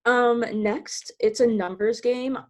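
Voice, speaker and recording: A woman giving casual coaching tips on a video call. She talks fast, laughs often and fills her speech with "like". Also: fairly high pitch. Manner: bubbly, giggly, filler-heavy with many "like"s. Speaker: team trainer sharing sales tips.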